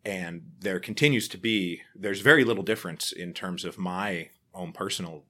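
A man talking in a relaxed interview, telling stories with lively acted-out reactions and frequent laughs. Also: deep voice, normal speed. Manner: animated storyteller, acts out quoted reactions, laughs often. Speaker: podcaster guest. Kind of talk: casual interview chat.

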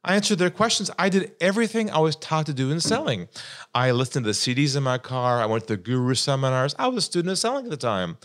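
A man telling a sales story as a podcast guest, dramatic and lively, acting out the voices of the people in it. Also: on the high side, fast talker. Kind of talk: animated storytelling.

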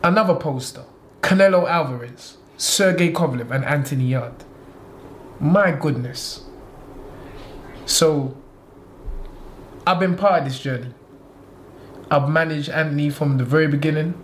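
Laughing man, animated. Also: a little high, unhurried, long pauses, slight background noise. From England. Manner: animated, laughs often, repeats himself for emphasis. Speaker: boxing trainer and manager. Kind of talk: casual interview.

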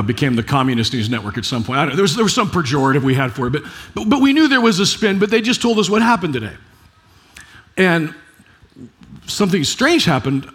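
A middle-aged man preaching a conversational sermon, full of rhetorical asides and quick restarts. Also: a little high, a bit bright. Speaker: pastor.

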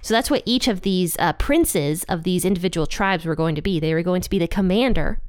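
A woman teaching a casual Bible lesson, chatty and self-deprecating, slowing down to stress key points. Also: medium pitch, smooth, no echo, studio quality. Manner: chatty, laughs at herself, slows down to stress points.

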